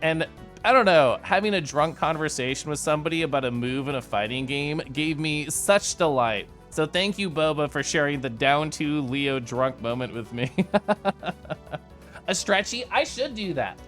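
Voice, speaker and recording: A man's voice: a little high, lively intonation, moderate pace, fairly bright tone, soft background music. A man chatting casually to his livestream viewers, giggly and bubbly, with lots of asides. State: tipsy from whiskey earlier. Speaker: streamer recapping VR chat meetups.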